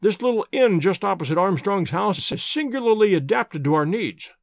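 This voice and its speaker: A man voicing a shrewd, calm male detective who speaks in measured, courteous and gently ironic tones in an audiobook. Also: high-pitched, vocal fry, no echo, studio quality. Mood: wry.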